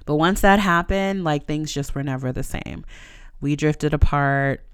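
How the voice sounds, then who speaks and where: Candid young woman, smooth dry voice. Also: sits low, unhurried, no echo. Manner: emotional, frank, swears casually, many fillers. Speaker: podcast host. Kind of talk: candid personal storytelling.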